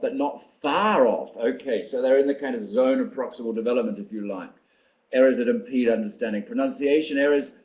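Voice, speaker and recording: An older man hosting a live online teacher-training session, musing aloud over comments from viewers. His voice sits at an ordinary pitch, and he talks in a reflective, unhurried way, pausing with ums as he thinks. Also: a little mellow, rough recording. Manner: thoughtful, reflective, with frequent ums and pauses. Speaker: teacher trainer giving a webinar. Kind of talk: live webinar talk reading out participant comments.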